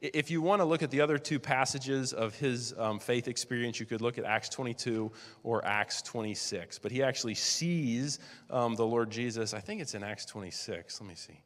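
A man preaching a sermon as pastor, reading scripture aloud and slowing down to stress key words. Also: medium pitch, a bit bright, long reverb tail. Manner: preaches with dramatic read-aloud quotes and slowed emphasis.

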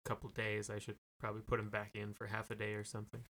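Guy co-hosting a casual podcast, rambling with lots of fillers, bright voice. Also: lowish voice, completely flat delivery, quick pace, a little hiss or hum. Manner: rambling, hesitant, many fillers and restarts. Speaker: podcast co-host. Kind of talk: casual chat.

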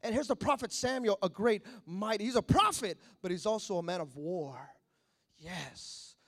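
A middle-aged man preaching a sermon, acting out quotes and breaking into sudden shouts. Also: sits high, moderate pace. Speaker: pastor.

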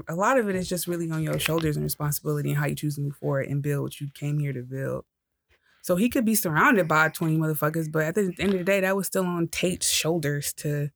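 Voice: mid-range voice, vocal fry, fairly bright tone, no room sound. A podcast co-host in casual chat, talking in long rambling turns and laughing easily.

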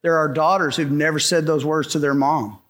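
A man's voice: on the high side, steady tone, moderate pace, fairly bright tone. A middle-aged man preaching a sermon to a congregation, in an emphatic style that repeats its key lines. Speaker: pastor. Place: church sanctuary before a congregation.

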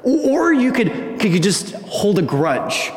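A man's voice: high voice, very animated, slow, a little hiss or hum. A man preaching a sermon in a church. He talks in a conversational way, asks the congregation questions and acts out quoted voices. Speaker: pastor. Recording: echoey hall with long reverb.

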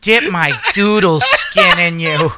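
A man putting on an impression of a flirty, crude middle-aged woman with a slow, breathy drawl. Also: sits high, sing-song, very noisy, full character voice. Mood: sultry. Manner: slow, drawn-out sultry drawl.

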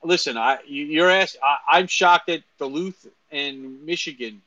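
A man co-hosting a casual sports chat show, talking in a dry, teasing way with halting restarts. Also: on the high side, sharp tone, no room sound, highs cut off. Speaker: co-host.

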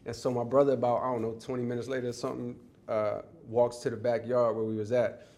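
A man in an interview, telling a childhood story in an animated way and often restarting his sentences. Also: medium pitch, quick pace. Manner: animated, acts out quoted voices, restarts often. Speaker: interview guest.

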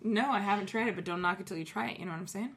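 A woman's voice: mid-range voice, very fast, a bit bright, breathy edge. A woman co-hosting a casual comedy chat, playful and giggly as she riffs and reads letters aloud. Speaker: podcast co-host.

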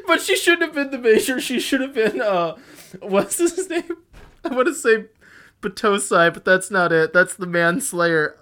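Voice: medium pitch, expressive, unhurried, pauses often, fairly bright tone. Rambling chatty podcast host. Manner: rambling, heavy use of "like", frequent laughter. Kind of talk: casual podcast chat.

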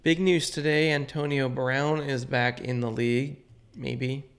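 Brief: male co-host, gravelly, easygoing and wry, sports talk. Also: medium pitch, fairly even intonation, a little slow. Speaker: podcast co-host leading the sports segment. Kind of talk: casual sports chat.

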